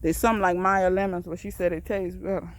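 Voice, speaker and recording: A woman's voice: on the low side, little pitch movement, quick pace, slight background noise. A woman giving a casual, rambling tour of her backyard garden and greenhouse, talking straight to her viewers in a folksy way while filming on a handheld phone. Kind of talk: casual walk-and-talk tour.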